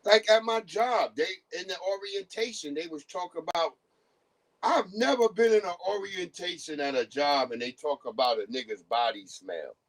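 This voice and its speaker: A man's voice: high-pitched, moderate pace, dry recording. A man hosting a livestream who talks in casual, profane commentary and acts out the voices of people he quotes. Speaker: livestream host.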